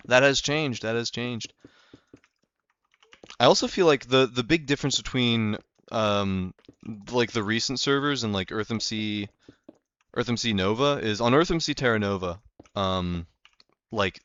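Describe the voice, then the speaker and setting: This livestreamer, a young man from North America, talks through his gameplay in a loose, rambling way, leaning heavily on "like" and "um." He has a lowish, fairly bright voice with no echo. Faint music plays beneath slightly muffled stream audio.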